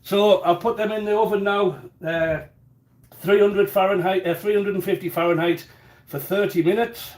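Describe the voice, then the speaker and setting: A man's voice: high voice, steady tone, normal speed, darkish tone. A man chatting casually in his home kitchen during a live cooking stream, rambling and often repeating words as he goes.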